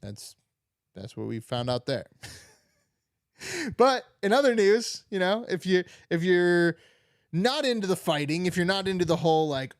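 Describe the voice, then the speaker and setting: Higher-voiced man doing a sarcastic comedy rant. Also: big pitch swings, measured pace, no echo, studio quality. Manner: rambling, sarcastic, filler-heavy. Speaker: podcast host. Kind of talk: unfiltered political comedy monologue.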